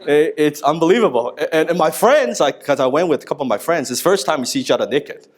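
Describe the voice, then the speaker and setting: A man in his thirties giving a live business seminar, telling stories in an animated, casual way with frequent asides and some swearing. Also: fairly high pitch, fast talker, crowd noise. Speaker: business speaker. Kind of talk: live seminar talk to an audience.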